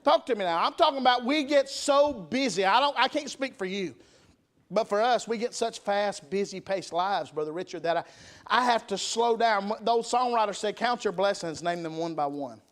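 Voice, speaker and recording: Preacher guy, pretty high voice, punchy revival sermon in church. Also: animated, normal speed. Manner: emphatic, call-and-response preaching. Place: church sanctuary.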